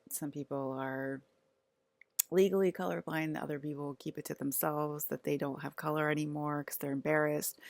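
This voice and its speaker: Low, gravelly-voiced woman rambling. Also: no echo. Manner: rambling and halting, many fillers. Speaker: vlogger. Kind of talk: casual monologue to camera.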